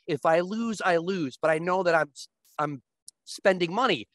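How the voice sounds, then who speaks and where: A man as a guest on a talk show, explaining sports betting step by step and often checking with a quick "right?". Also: high voice, fairly bright tone, no echo.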